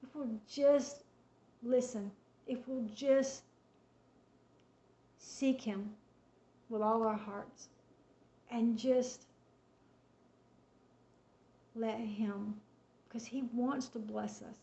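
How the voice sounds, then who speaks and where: A woman casually retelling a personal faith testimony, chatty and animated, acting out the dialogue as she goes. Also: a little high, very slow, pauses often. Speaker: storyteller sharing a faith testimony. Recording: echoey room, dull lo-fi sound.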